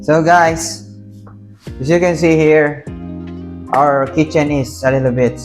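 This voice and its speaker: A man's voice: fairly high pitch, fairly even intonation, slow pace, soft background music. A man with a Filipino accent chatting casually while cooking in a small home kitchen, filming on a phone. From Philippines. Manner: chatty, repeats words while setting up, sings a few lines. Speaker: cooking vlogger. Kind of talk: casual cooking vlog chat. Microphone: phone camera on a stand.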